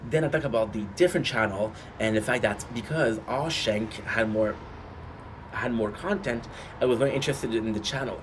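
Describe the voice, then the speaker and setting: A man's voice: fairly low pitch, noisy background. A man streaming and chatting casually, rambling and asking his chat rhetorical questions. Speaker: gaming streamer.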